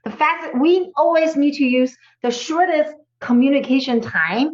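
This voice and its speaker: A woman chef talks shop in a casual interview, choosing her words haltingly in phrasing that isn't native. Her voice is fairly high. It sounds muffled and roomy, as if recorded across a reverberant room. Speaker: chef and guest.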